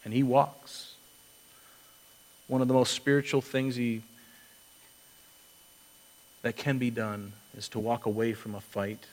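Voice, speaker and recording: A man's voice: mid-range voice, level tone, slow, pauses often, a little mellow, poor audio. Earnest man preaching a sermon. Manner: earnest preaching with acted-out quotes and restarts. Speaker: pastor.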